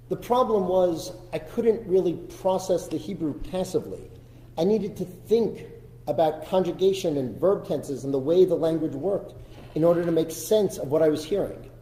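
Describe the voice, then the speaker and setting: A man giving a sermon as a rabbi, telling a personal story in a reflective, deliberate way with slow emphasis. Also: fairly high pitch, warm tone. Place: synagogue sanctuary. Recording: roomy sanctuary with long reverb.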